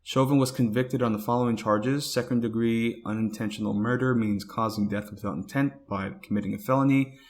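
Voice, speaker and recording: A man's voice: mid-range voice, fairly even intonation, a little fast, hardly any pauses, darkish tone. A man hosting a talk podcast, reading news reports aloud and stumbling over words, with casual asides. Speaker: podcast host.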